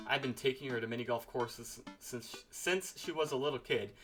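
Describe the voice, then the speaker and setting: A man's voice: mid-range voice, normal speed, hardly any pauses, a bit bright, faint music behind. A man giving playful, jokey commentary as he plays through a story game. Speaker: game streamer. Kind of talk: let's-play commentary.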